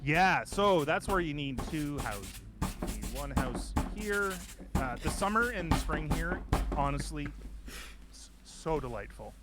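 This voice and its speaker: A man's voice: fairly high pitch, animated, slow pace, loud music behind the voice. A man hosting a casual art podcast, telling rambling stories with many restarts. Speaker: host.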